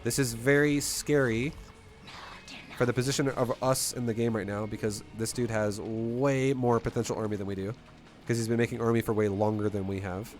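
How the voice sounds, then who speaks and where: A man giving casual, energetic commentary while he plays and teaches a strategy game, talking bluntly and swearing now and then. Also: medium pitch, moderate pace, faint music behind. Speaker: gameplay coach.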